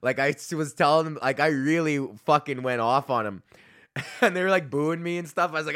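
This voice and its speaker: A man's voice: fairly high pitch, moderate pace, fairly bright tone, no room sound, studio quality. A young man hosting his own podcast, rambling casually about his week, swearing a lot, laughing often and restarting his sentences. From Alberta, Canada. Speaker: comedian podcast host.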